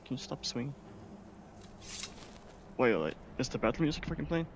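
A man from Sweden giving casual, excitable gameplay commentary as a streamer, swearing often. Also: mid-range voice, moderate pace, gravelly, slight background noise. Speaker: gaming streamer.

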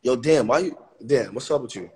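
A man's voice: mid-range voice, expressive, a little fast, a little mellow, slightly rough. A man in his twenties, chatting casually on a livestream and joking trash talk at his viewers. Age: 20s.

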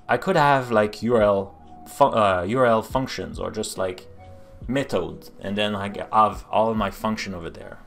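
Coding on a casual live stream, a Quebecois-accented man thinks aloud and fields chat questions, full of fillers and restarts. His fairly low, fairly bright voice has noticeable vocal fry.

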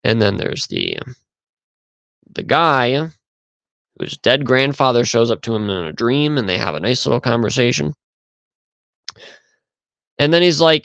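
Man rambling through stories on his podcast, smooth voice, dry dull sound. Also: medium pitch, huge pitch swings, a little slow, pauses often, a bit bright, dry recording. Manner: conversational, rambling, with fillers and restarts. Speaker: podcast host. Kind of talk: casual storytelling monologue.

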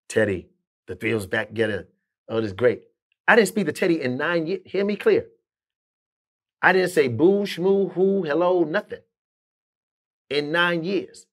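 A middle-aged man telling a story in an interview, acting out the voices of the people he quotes. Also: a little high. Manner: animated, acts out quoted dialogue.

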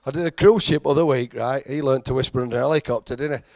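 A middle-aged stand-up comedian from Halifax, England, speaks with a Yorkshire accent in a mid-range voice at a quick pace, slightly mellow. His routine is chatty and self-deprecating, and he teases the crowd. The recording is dry.

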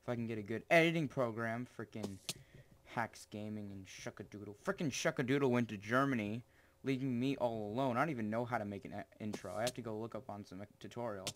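A teenage boy hosting his own gaming channel, rambling through gameplay commentary with jokes and sudden excited yelps. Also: mid-range voice, a little fast, slight background noise. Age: teens.

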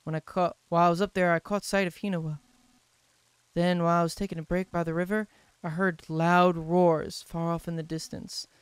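A man voicing a worried grown villager in a game who speaks in a low, measured, somber way. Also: little pitch movement, clean tone, no room sound, close to an everyday voice.

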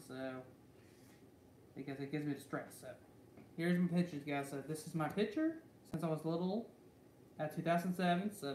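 A man's voice: on the high side, darkish tone. A young man hosting a casual vlog, rambling and repeating fillers like "so" and "guys" over and over. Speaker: channel host. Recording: echoey room with faint background hum.

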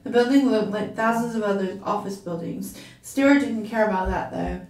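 A woman reading a chapter of a story aloud in a steady storybook style, now and then restarting a word. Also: mid-range voice, normal speed. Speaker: story reader. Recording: roomy, from a distance.

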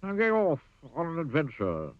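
A man voicing a cheery, whimsical cloud-like daydream creature in a children's story, bright and excitable. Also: a little high, moderate pace, dry recording, phone-quality sound, pitched above the performer's own voice. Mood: cheerful. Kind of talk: storybook character voice.

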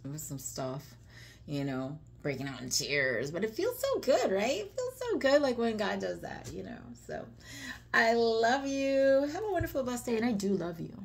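A woman's voice: a little high, very animated, normal speed. A woman giving a casual, earnest devotional talk, chatty and full of fillers and rhetorical questions. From United States. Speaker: faith vlogger.

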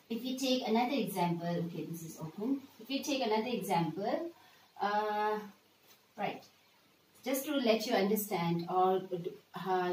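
A woman's voice: mid-range voice, echoey room, recorded from a distance, slight background noise, poor audio. A woman teaching a lesson, patient and repeating words, often checking with "right?". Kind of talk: classroom lesson for children.

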